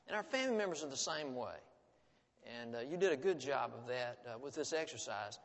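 A man's voice: mid-range voice, lively intonation, fairly quick. A middle-aged man, a family studies teacher, gives a folksy, conversational lecture to a live audience and often asks it rhetorical questions. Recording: reverberant hall.

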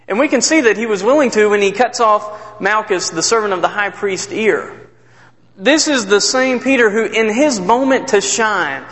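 A man preaching a sermon, retelling scripture with earnest, emphatic storytelling that drops low and soft at sad moments. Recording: long hall reverb.

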